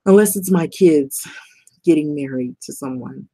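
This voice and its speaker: A woman's voice: low voice, moderate pace, warm tone, husky, no echo. A middle-aged woman talking bluntly and rambling in a casual vlog monologue, swearing and laughing often. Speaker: vlogger.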